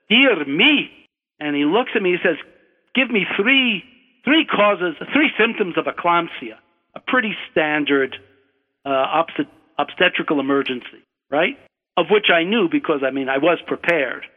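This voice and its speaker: An older American man slowly tells a rambling personal anecdote on the radio, correcting himself as he goes. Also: a little high. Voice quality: unhurried, digressive, self-correcting. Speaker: storyteller, guest. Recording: tinny phone-like radio line with long hall reverb.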